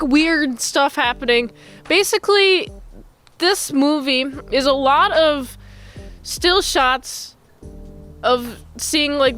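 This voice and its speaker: A woman's voice: high-pitched, fairly bright tone, clean tone. A young woman giving a casual movie recap in a rambling, jokey way with loose slang. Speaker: movie reviewer.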